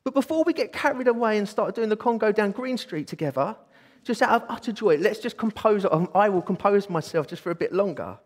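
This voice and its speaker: A man preaching a sermon in a church, excitable and eager. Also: high-pitched, brisk. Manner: excitable, bursts into exclaiming. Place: church hall. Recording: long hall reverb.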